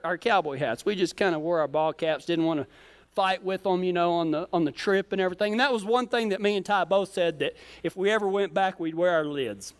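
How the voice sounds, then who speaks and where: Folksy, joking male preacher. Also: sits high. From Colorado. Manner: folksy, joking, self-teasing. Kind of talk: humorous sermon storytelling.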